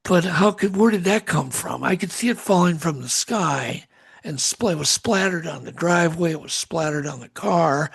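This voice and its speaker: A middle-aged man telling a strange story as a podcast guest, animated and acting out what people said. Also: fairly high pitch, moderate pace, creaky, husky. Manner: animated storyteller, acts out quotes.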